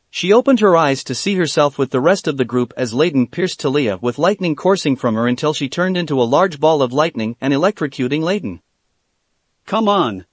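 A man's voice: fairly high pitch, no echo. Man narrating fan fiction, dry sound. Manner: steady storytelling read-aloud. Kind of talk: reading fan fiction aloud.

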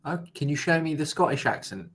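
A man's voice: a little high, animated, a little fast, fairly bright tone. A man chatting as a conversation tutor over a video call, easygoing and reassuring. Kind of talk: casual chat.

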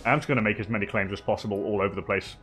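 An English man giving relaxed live commentary on a strategy game, chatting with viewers and laughing often. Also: on the low side, racing, faint music behind. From England. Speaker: streamer.

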